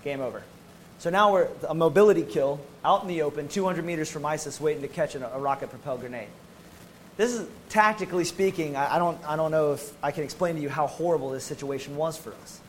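Animated American man telling a war story. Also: a little high, fast talker, slight background noise, low-quality recording. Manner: animated, emphatic storytelling with casual slang. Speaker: former Marine medic telling his story. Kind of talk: personal testimony to an audience.

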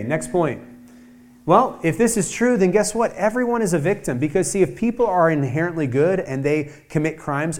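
A man preaching a sermon as a pastor, emphatic, with many rhetorical questions and acted-out quoted voices. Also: a little mellow. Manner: acts out quoted voices, rising and dropping in pitch.

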